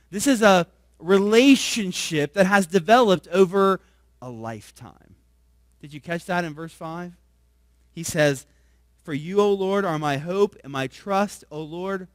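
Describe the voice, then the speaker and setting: A pastor with a high, bright voice preaches to his congregation and keeps checking in with "right?". His delivery jumps from hushed asides to forceful, emphatic lines. The sound is close and dry, with no room echo. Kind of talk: sermon.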